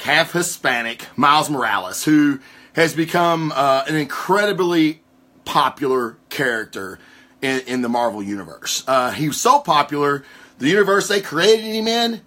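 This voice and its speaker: A man hosting a casual comic-book news podcast, rambling and cursing freely as he rants from his home recording spot. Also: a little high. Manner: profane, rambling, excitable. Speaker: podcast host.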